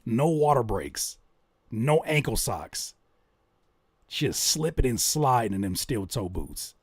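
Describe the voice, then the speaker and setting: A man hosting a casual livestream, reacting to music and joking with chat in an animated way. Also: medium pitch, slow pace, slightly rough, no room sound. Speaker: livestream host giving music feedback.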